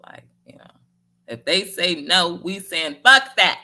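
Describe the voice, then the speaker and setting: A woman hosts a relaxed livestream and talks her viewers through their comments. Her voice is bright and forceful, and she speaks slowly. She cheers people on in a folksy way and laughs often. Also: on the low side. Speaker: livestream host. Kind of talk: casual livestream chat answering viewer comments.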